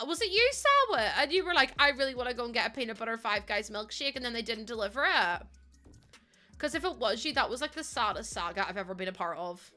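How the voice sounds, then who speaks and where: A woman's voice: on the high side, animated, fast talker, pushed and bright, faint music behind. A woman in her late twenties, chatting casually and rambling while she streams a game, laughing often. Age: late 20s.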